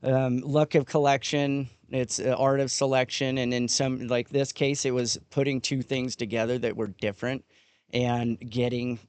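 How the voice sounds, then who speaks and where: A man interviewed as a guest on a podcast, explaining his work in a reflective, unhurried way. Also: mid-range voice, level tone, a little mellow, clear, resonant tone, no echo. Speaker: guest cannabis grower. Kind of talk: casual interview talk.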